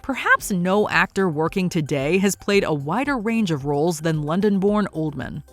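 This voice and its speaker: A woman doing upbeat, brisk scripted countdown narration. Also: lowish voice, lively intonation, over loud music.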